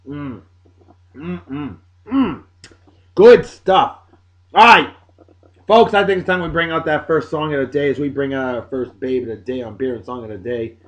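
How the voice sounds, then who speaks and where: Boisterous showman man hosting a vlog. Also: on the high side. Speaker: host. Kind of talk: casual beer and music vlog.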